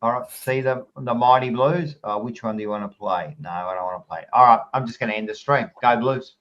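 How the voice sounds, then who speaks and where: Aussie bloke hosting a footy fan show, rambly, swears a lot, sounds a bit muffled. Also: male voice, fairly low pitch, fast, distant mic. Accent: Australian. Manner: rambling, excitable, swears freely. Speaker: fan podcast host. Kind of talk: casual live-stream sign-off.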